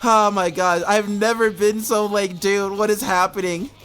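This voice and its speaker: A man casting a strategy game match, excitable, often laughing and yelling advice at the players. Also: high voice, unhurried, clean tone, soft background music. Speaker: game caster. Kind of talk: esports match commentary.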